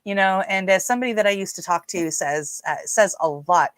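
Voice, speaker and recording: Speaking fairly quickly in a mid-range voice, a woman with a Newfoundland accent runs a casual livestream, reading viewer comments aloud and chatting with many fillers. The recording has no echo.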